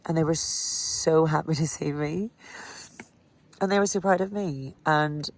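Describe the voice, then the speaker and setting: Irish woman, low voice, candid emotional vlog delivery, light background hiss. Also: unhurried. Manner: emotional, candid, breaks into laughter. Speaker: vlogger recounting a cycling challenge.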